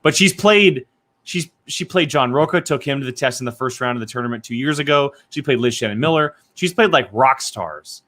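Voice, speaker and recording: A young man hosting a casual live-stream podcast chat, animated and quick to laugh. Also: medium pitch. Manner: animated, laughs often, chatty. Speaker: podcast host.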